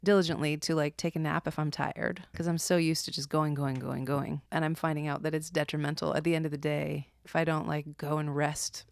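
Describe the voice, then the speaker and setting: Low-voiced woman musing aloud. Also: little pitch movement, fairly quick, gravelly, hardly any pauses, no room sound, studio quality. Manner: reflective, warm-hearted, searching for words. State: pregnant. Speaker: guest. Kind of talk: casual chat.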